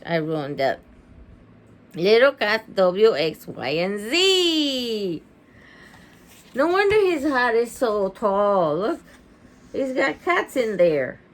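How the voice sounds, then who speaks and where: A woman reading a picture book aloud with animated, chatty asides, gasping and laughing as she goes. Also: mid-range voice. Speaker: reader.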